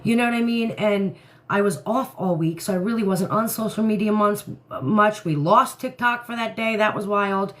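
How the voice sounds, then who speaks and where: A woman's voice: mid-range voice, normal speed. Ranting woman on a casual live stream. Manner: ranting, animated, laughs often.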